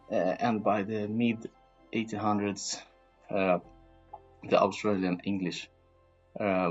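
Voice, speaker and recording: Brief: male student presenter, hesitant, slow, low voice, muffled. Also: breathy edge. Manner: hesitant, many filler pauses. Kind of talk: reading a school presentation.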